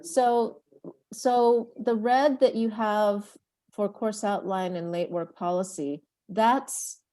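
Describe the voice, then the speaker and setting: A woman's voice: mid-range voice, steady tone, takes it slowly, warm tone. Woman checking her understanding on a call. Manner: asks clarifying questions and restates to check. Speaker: workshop participant. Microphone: video call.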